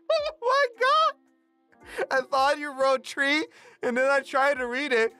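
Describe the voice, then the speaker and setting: A relaxed live streamer talks with viewers while drawing, in an unhurried and clean, resonant voice. The talk is loose and full of "like," with quick laughs and casual swearing. Faint music plays quietly under the voice. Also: high voice. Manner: chatty, laughs often, swears freely, fills with "like". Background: faint background music.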